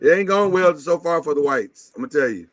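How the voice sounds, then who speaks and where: A man's voice: on the high side, animated, a little fast, no echo. A man hosting a casual live-stream chat, blunt and joking as he teases his co-hosts. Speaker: host.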